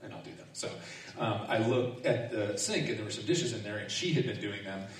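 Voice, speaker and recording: A man preaching a sermon in a relaxed, self-mocking storytelling manner, often laughing as he speaks. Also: lowish voice, a little fast. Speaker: pastor. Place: large echoing hall or sanctuary. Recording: echoey room, distant mic, faint noise.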